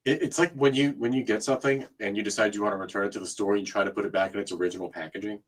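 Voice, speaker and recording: Deep-voiced male player, quick talker. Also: steady tone. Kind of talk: casual tabletop game chat.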